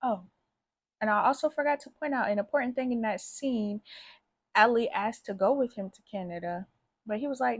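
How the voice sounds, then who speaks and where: A woman's voice: fairly high pitch, moderate pace, dry recording. A woman recapping a film in a casual, slangy, chatty way, hosting her own channel. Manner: slangy, chatty, acts out characters' lines. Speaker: movie reviewer.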